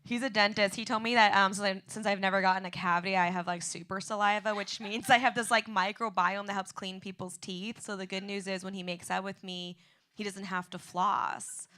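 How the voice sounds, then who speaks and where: A woman finishing a stand-up set, quick and animated, laughing through her punchlines. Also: mid-range voice. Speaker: stand-up comedian.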